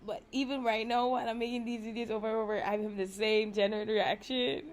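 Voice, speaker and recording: A woman's voice: a little high, little pitch movement, a little fast. A young woman vlogging in a rambling, emotional monologue, frustrated and swearing as she talks.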